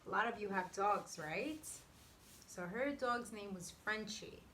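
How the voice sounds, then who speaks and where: Bright-voiced woman teacher reading aloud. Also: mid-range voice, lively intonation, measured pace, a little hiss or hum, poor audio. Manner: stops to explain words and question the children. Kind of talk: read-aloud to young children.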